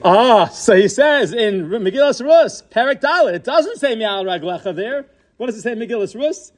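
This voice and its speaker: Here a Torah teacher lectures in a high, expressive voice, keeping a moderate pace. He's curious in manner, posing questions and answering them, and he mixes Hebrew and Yiddish-style terms into his English.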